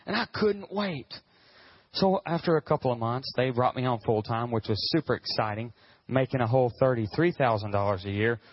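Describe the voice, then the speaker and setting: A man pastor telling a personal story in a sermon, animated and acting out what people said. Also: mid-range voice, quick pace, no echo, lo-fi sound. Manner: animated, acts out quotes, whoops with excitement.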